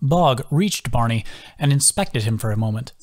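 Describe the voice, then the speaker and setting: A man's voice: mid-range voice, normal speed. A man reading his own fantasy novel aloud as audiobook narration. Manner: lively, expressive reading.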